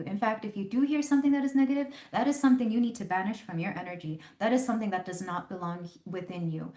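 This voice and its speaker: A woman's voice: mid-range voice, warm tone. A woman hosting a live tarot reading, chatting casually and rambling with fillers. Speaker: tarot reader hosting a livestream. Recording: roomy echo.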